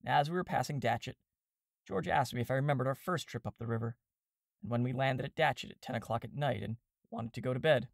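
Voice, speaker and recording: A man narrating a classic comic novel in a steady, wry storytelling manner, voicing the characters as he goes. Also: mid-range voice, fast, gravelly, no echo, studio quality. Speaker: audiobook reader and podcast host.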